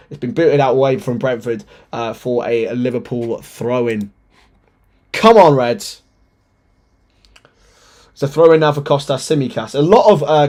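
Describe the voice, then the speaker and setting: A man hosting a live football watchalong, commenting as a fan. He talks in an excitable, chatty way, often stumbles over words, and sounds nervous and shaky. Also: on the high side. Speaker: watchalong host.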